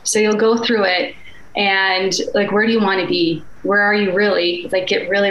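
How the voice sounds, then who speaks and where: A woman's voice: fairly low pitch, gravelly, a bit bright, roomy sound, slight background noise, low-quality recording. A woman with a Chicago accent, a coach being interviewed, explaining her approach in an earnest, reflective way with casual "like" and "um" fillers. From Midwest United States. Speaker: coach, podcast guest.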